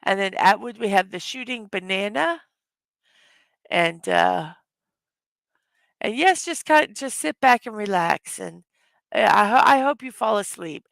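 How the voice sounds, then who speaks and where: A hoarse, tired woman hosts a casual morning livestream, warmly greeting chat viewers one by one after little sleep. Her medium-pitched voice is gravelly and her pace slow and unhurried. The sound is close and dry, with no echo.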